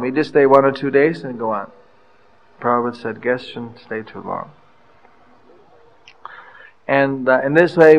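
An older man giving a scripture class, telling stories from his travels and pausing often with fillers. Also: mid-range voice, muffled recording. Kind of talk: anecdotal scripture lecture.

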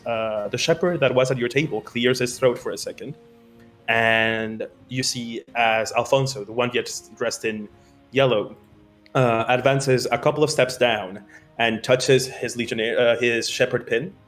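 A man's voice: medium pitch, a bit bright. A man narrating as game master in a casual, loose way with many fillers.

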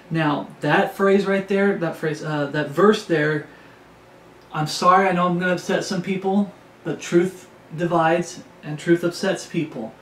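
A man preaching a sermon, earnest and repetitive, often restarting his phrases. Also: high-pitched. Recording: echoey room with faint background noise.

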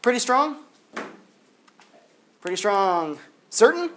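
A man with a high voice lectures slowly on philosophy at a university, with slight background noise audible. Casual and animated, he uses lots of "like" as filler.

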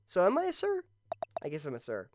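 A man's voice: high-pitched, wildly swooping pitch, brisk, background noise. A man streaming a dating game, laughing often and reading its dialogue aloud with jokes. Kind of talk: casual let's-play commentary.

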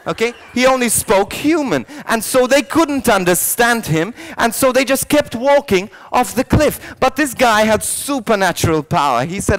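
A priest telling a story in a youth sermon, swinging from soft lines to loud ones and often restarting his words. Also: extremely high pitch, normal speed, few pauses. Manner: animated storyteller, jumping between hushed lines and loud shouted quotes; frequent restarts and repeated words.

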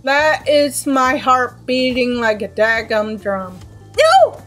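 A woman's voice: fairly high pitch, takes it slowly, a bit bright. A young woman commenting on her own gameplay, exasperated and self-mocking, slipping into sing-song complaints. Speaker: let's play gamer. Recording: faint game music behind.

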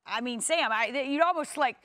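A woman's voice: high voice, sharp tone. A woman hosting a sports studio show, steering a panel discussion in a conversational way. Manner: conversational, leads the panel with quick questions. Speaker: studio host.

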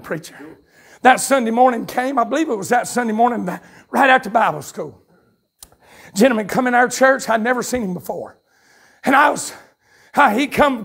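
A Southern US pastor preaches a revival sermon at a church camp meeting, telling his story and then rising into fervent, shouted preaching. His voice sits very high for a man and has a rough, gravelly edge. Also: lively intonation, brisk.

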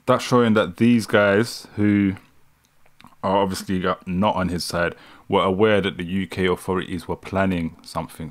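Lowish-voiced British male streamer, casual and mocking, reacting live to news. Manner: mocking, laughs often, slangy.

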